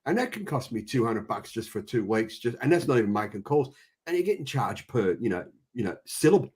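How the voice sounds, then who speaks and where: An Australian man chats as a guest on a live stream, telling dry, joking stories. His voice is husky and his pitch swings widely as he talks, at an everyday male pitch. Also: sing-song, a little fast, darkish tone. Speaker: guest YouTuber. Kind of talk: casual live stream chat.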